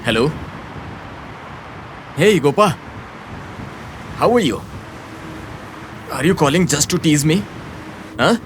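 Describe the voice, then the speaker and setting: A man's voice: fairly high pitch, animated, takes it slowly, pauses often, noisy background. A man voicing a fed-up office worker in a dubbed film, grumbling and easily confused. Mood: bewildered. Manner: grumbling, bewildered. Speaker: office employee turned hired agent.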